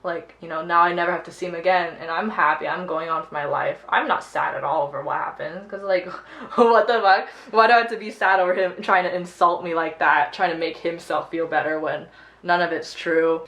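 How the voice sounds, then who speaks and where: A woman's voice: on the low side, fairly quick, fairly bright tone, roomy sound. A young woman chatting casually while doing her makeup, telling a story with plenty of swearing. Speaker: beauty vlogger. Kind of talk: casual get-ready-with-me chat.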